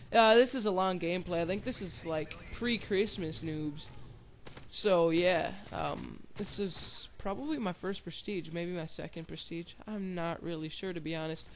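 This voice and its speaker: A man's voice: sits high, measured pace, slight background noise. A young man giving casual gameplay commentary, rambling and giggly with self-deprecating asides. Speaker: gaming channel host.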